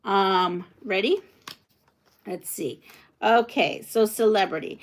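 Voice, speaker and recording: A woman's voice: mid-range voice, slow pace, creaky. A woman hosting a quilting livestream from home, chatting casually with viewers and thinking aloud as she sews. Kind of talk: casual live chat while sewing.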